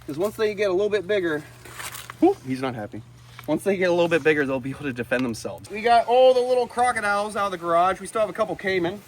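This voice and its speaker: A man keeper hosting a casual vlog outdoors among animal enclosures, excitable and shouting at the animals now and then. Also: sits high, fast, slight background noise. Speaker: reptile keeper and host.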